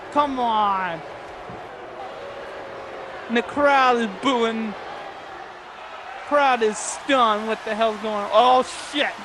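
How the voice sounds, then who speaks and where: An excitable wrestling commentator calling a match play by play, often shouting and swearing. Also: medium pitch. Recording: loud background noise.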